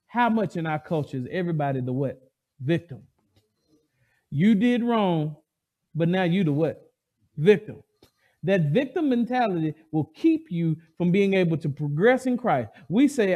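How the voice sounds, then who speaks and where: A man preaching a sermon, emphatic and animated, asking the congregation call-and-response questions. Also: high-pitched.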